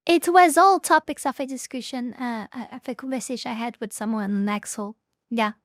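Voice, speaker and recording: High-voiced woman reacting, halting and dry. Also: dry recording. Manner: halting, restarts often, laughs at herself. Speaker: reaction streamer. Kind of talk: casual reaction commentary.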